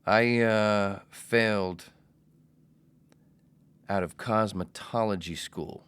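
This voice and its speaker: A man in his forties hosting a solo comedy podcast, brash and self-mocking, swearing freely and swinging between loud bursts and whispers. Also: on the low side, drawn-out words, smooth. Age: 40s. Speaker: podcast host.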